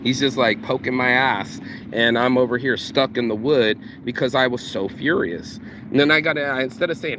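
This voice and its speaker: Motivational vlogger, male, mid-range voice, slangy and profane, with clear traffic noise outdoors. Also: mid-range voice, normal speed. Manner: slangy, profane, repeats words when excited. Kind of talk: casual motivational monologue.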